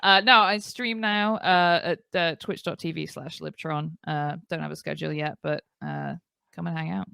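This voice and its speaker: A woman's voice: low voice, moderate pace, gravelly, pushed and bright, clean tone, no echo, clean studio sound. A woman with a British accent, a guest on a podcast, telling chatty anecdotes and laughing between phrases. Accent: British English. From Britain. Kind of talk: casual chat.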